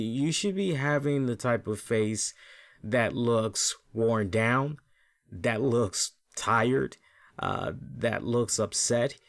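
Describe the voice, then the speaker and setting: A man hosting a wrestling review show, talking casually and with animation, often repeating words and asking "right?". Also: medium pitch.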